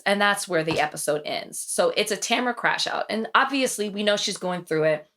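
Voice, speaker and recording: A woman's voice: fairly quick, hardly any pauses, a little hiss or hum. A woman hosting a podcast, retelling TV episodes in casual chat and acting out the quotes. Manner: animated storytelling, acts out quotes with big pitch jumps. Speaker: podcast host.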